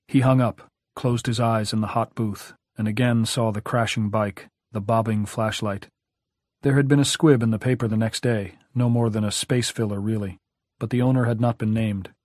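A man narrating an audiobook in a measured, even way. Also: lowish voice, dry recording, studio quality.

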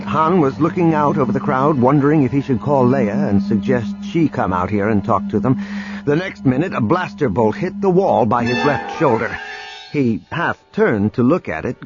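A man narrating an audiobook in a dramatic, expressive reading. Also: medium pitch. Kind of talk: scripted narration. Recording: dull lo-fi recording with music.

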